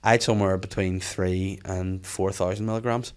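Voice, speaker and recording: A man hosting a podcast, telling animated stories in casual chat and swearing freely. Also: deep voice, moderate pace, clear, resonant tone. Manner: animated storytelling, frequent swearing. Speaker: podcast host.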